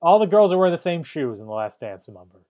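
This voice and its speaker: A man's voice: a little high, big pitch swings, warm tone. A man hosting a podcast, dryly reviewing a movie and reading trivia with wry asides. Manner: dry, wry, reads trivia haltingly. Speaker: podcast host. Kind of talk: casual movie review chat.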